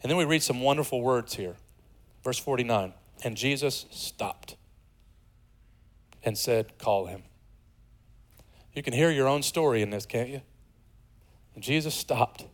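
A man in his forties preaching a sermon, shifting from loud and excited to soft and hushed, with conversational, joking asides. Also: medium pitch, a little slow, long pauses, poor audio. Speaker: pastor.

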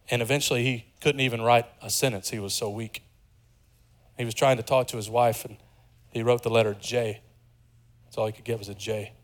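A man preaching a sermon as pastor, earnest, dropping to a hush and then rising with emphasis. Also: mid-range voice. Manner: earnest, swings from hushed to emphatic.

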